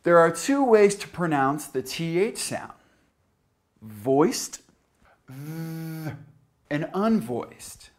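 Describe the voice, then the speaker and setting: A young male English teacher giving a scripted pronunciation lesson. He speaks slowly and carefully, with a lively, rising and falling delivery in a fairly high voice. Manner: slow, careful enunciation.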